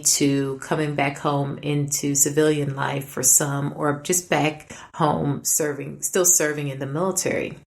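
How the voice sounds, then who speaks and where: A middle-aged woman hosting a podcast, telling a candid personal story with quoted voices and small laughs. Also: lowish voice. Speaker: podcast host.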